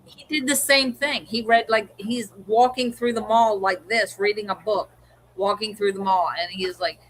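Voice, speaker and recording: Co-hosting a livestream, a chatty middle-aged woman tells stories and imitates her family's quotes in casual conversation. She speaks at a normal speed in a mid-range voice with fairly even intonation; the rough recording has slight background noise.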